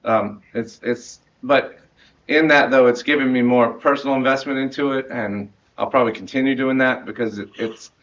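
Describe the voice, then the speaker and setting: At the end of the season, a man in his thirties gives a heartfelt, rambling speech to his marching band students, laughing often and restarting sentences. His mid-range voice stays fairly even at normal speed and sounds a bit bright. The recording is dull and lo-fi.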